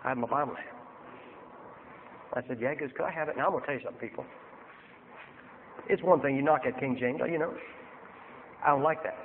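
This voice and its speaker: Heated preacher on a tinny recording. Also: male voice, medium pitch, brisk, pauses often, big-room sound, a little hiss or hum. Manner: loud and heated, acts out both sides of arguments. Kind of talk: storytelling sermon.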